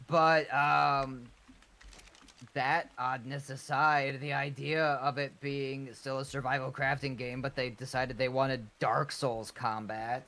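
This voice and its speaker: A man's voice: mid-range voice, level tone, slow, bright, forceful tone. A man chatting casually while gaming with a friend, rambling and playfully sarcastic. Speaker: co-op gaming partner.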